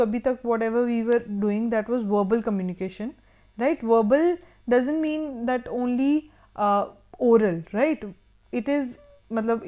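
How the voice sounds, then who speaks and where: A woman's voice: a little high, a little mellow. A woman with an Indian English accent teaching an online lecture in a conversational way, often adding Hindi tag questions. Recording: muffled lo-fi sound.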